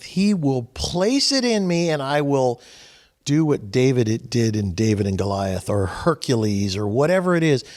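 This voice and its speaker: A man's voice: on the high side, a little mellow. A man hosting a spiritual gathering, giving a folksy, sermon-style talk full of sayings and little acted-out quotes. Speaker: host leading a spiritual gathering.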